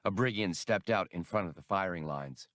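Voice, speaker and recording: A man narrating an audiobook in a measured storytelling manner. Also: low-pitched, fairly bright tone, no room sound, studio quality. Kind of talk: scripted narration.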